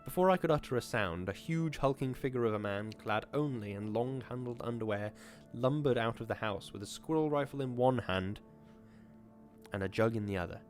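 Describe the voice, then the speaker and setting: A man reads a classic horror story aloud in a measured, formal narrating voice at a medium pitch. Faint music sits under the reading. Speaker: podcast host reading a story.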